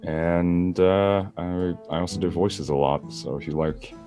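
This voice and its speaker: A man playing in the game, chatting casually about his own streams with hesitant, halting pauses. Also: sits low, fairly even intonation, dark tone, soft background music. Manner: hesitant, many filler pauses. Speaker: player and streamer. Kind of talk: casual chat.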